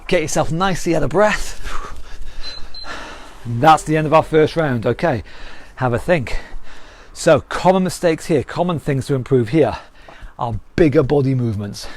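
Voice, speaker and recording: A man's voice: fairly high pitch, expressive, moderate pace. A British man leading a live online workout as fitness instructor, counting down and cheering people on, at times out of breath. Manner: upbeat, encouraging counting and cueing. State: out of breath after exercise.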